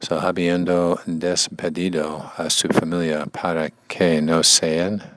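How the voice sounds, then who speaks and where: A man with a very deep voice reads a devotional text aloud and stops to explain it in casual words. He repeats key lines and sometimes slips into a near-whisper. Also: little pitch movement, a little slow, fairly bright tone, dry recording, low-quality recording. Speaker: bible study teacher and language learner.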